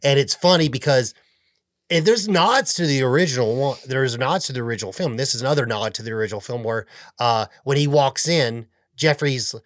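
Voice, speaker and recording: A man co-hosts a relaxed movie podcast in a dry, close-miked sound, his voice sitting in a middle pitch. He recaps scenes as lively stories, stumbling through fillers and restarts as he goes. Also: brisk, dry recording. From Tennessee. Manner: animated storyteller, fond of acting out quotes, many fillers. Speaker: podcast co-host. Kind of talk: casual movie-review chat.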